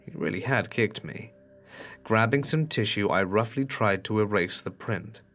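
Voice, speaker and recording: A man with a fairly low voice narrates a horror story in a measured, earnest way. Soft background music plays faintly under his reading. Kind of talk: scripted narration.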